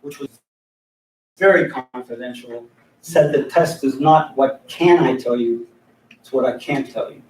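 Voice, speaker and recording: A man's voice: medium pitch, a little slow, pauses often, a little mellow, a little hiss or hum. An older man leading a mediation training class, folksy and joking, often stopping to restart his sentences, recorded from a distant mic in an echoey room. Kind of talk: training class, demonstrating a mediator's opening statement.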